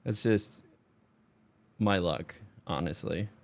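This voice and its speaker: A man's voice: sits low, slow. Exasperated self-mocking man commentating. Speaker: streamer. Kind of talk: voice-over commentary on a card game.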